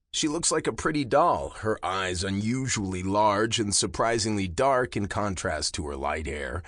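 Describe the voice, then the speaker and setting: A man with a lowish voice narrating a first-person romance audiobook in a slow, intimate way. His pitch moves a great deal, dipping low and lifting for emphasis, and the studio sound is dry and close. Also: fairly bright tone, no echo.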